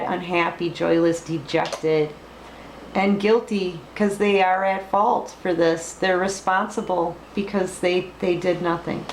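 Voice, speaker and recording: Woman tarot reader, slow deliberate delivery, repeats herself for emphasis, echoey room, faint hiss. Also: lowish voice. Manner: emphatic, repeats words, fillers. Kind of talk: late-night tarot reading.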